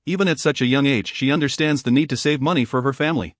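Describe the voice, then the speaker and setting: A man narrating a story in a measured, even reading voice. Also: mid-range voice, no room sound, studio quality.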